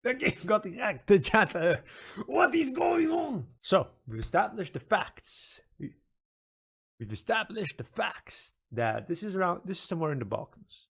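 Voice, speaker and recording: A man streaming a game, chatting excitedly with laughs and restarts, then slipping into dramatic lore narration. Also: sits high, normal speed, creaky, husky. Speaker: gaming streamer.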